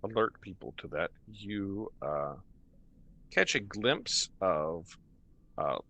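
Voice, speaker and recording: A man narrating as game master of a tabletop game, slow and hesitant with many fillers. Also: deep voice, expressive, bright, forceful tone.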